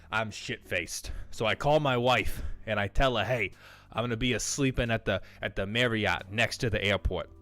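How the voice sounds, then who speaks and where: A man's voice: mid-range voice, a bit bright, natural voice. A man voicing an old male salesman who tells a long, rambling, boozy story in a folksy way. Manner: rambling, folksy anecdote-telling.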